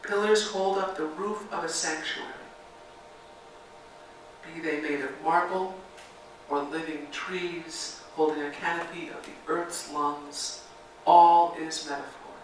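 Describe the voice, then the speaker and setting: A woman's voice: low voice, steady tone, slow pace, slight background noise. Woman, minister, reflective sermon, leads chanted meditation, very echoey hall, distant mic. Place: church sanctuary. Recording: very echoey sanctuary, mic far off.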